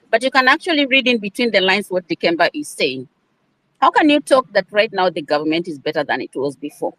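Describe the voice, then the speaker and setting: A woman makes her point in a heated live audio discussion. She presses hard and returns again and again to the same question, sounding emotional. Her voice is dry and close, with mid-range pitch. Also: fairly bright tone, no echo. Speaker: participant in an online audio discussion. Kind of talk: impassioned debate.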